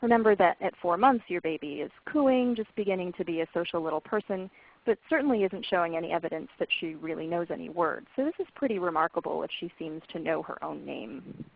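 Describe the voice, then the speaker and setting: A woman presenting a parenting webinar, explaining clearly and encouragingly to parents, in a scripted lecture style. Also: lowish voice, expressive, quick pace. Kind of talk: scripted lecture on language development. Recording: phone-like narrow band webinar audio.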